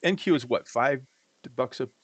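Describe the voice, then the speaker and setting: On a livestream, a male co-host with a mid-range, slightly bright voice chats about trading at a moderate pace. He jokes around, rambles, and keeps cutting himself off. There's no room sound.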